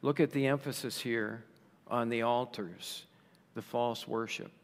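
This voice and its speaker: A man preaching a sermon in a slow, emphatic way, raising his voice for rhetorical questions. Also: mid-range voice, steady tone, gravelly. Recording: long reverb of a large hall.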